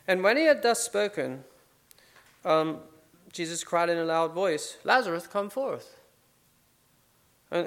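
A man's voice: on the high side, creaky. A man giving an informal Bible study, talking things over conversationally with fillers and restarts. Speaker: Bible teacher.

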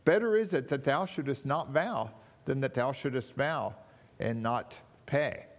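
A man preaching a sermon in a measured, teaching tone, slowing down to stress key words. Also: mid-range voice.

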